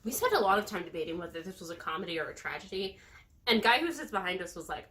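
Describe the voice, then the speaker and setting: A woman's voice: lowish voice, animated, fast talker, a bit bright. A young adult woman chatting casually as a guest, bubbly and joking, swearing freely. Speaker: guest reviewer. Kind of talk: casual chat.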